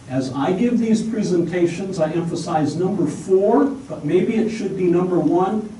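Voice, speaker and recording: A man's voice: high-pitched, dark tone. A man giving a methodical outlined talk with slides at a church class, listing his points one by one. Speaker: guest presenter at a Sabbath school class. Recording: echoey room, far from mic, faint hiss.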